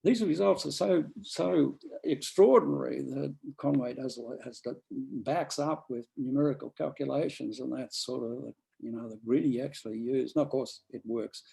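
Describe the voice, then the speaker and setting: A man's voice: mid-range voice, moderate pace, creaky, mellow, breathy edge, rough recording. A man giving an academic seminar talk, rambling with frequent restarts and fillers. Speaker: lecturer.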